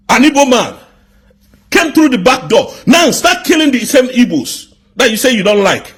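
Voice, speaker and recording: A man's voice: very high voice, big pitch swings, normal speed, fairly bright tone, breathy edge. A man with a Nigerian accent delivering an angry political rant, firing off indignant rhetorical questions. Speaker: commentator.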